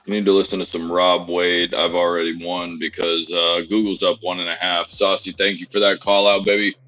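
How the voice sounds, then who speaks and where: Joking low-voiced male co-host. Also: little pitch movement, brisk, pushed and bright. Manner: joking, teasing banter. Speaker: stock market livestream co-host. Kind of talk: casual live chat. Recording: dull lo-fi audio with faint music.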